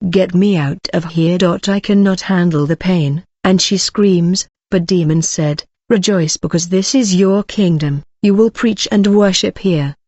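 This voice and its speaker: A man's voice: high voice, a little mellow, no echo. A man solemnly narrating a religious testimony in plain storytelling, with quoted dialogue. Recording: dull, dry lo-fi voice recording.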